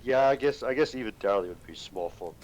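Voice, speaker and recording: A man's voice: medium pitch, lively intonation, a little fast, darkish tone, a little hiss or hum. A man playing a tabletop role-playing game, chatting casually and joking with the others.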